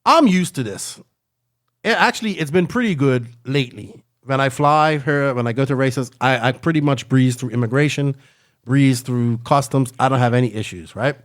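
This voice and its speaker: A man's voice: medium pitch, moderate pace. Rambling man telling a travel story. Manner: rambling, animated, tags lines with "right?" and "like". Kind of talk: casual storytelling chat.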